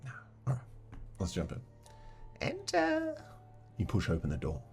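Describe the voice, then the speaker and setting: A man's voice: deep voice, animated, quick pace, mellow, soft background music. A man playing a solo tabletop adventure book, reading the text aloud and chatting casually with his viewers. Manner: chatty, reads game text aloud, talks to chat. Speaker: game master.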